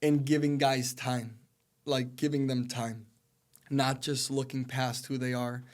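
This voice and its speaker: Earnest young man, flat even delivery. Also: mid-range voice. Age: 20s. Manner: earnest, rambling storytelling. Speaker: podcast guest, soccer player. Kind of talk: casual interview storytelling.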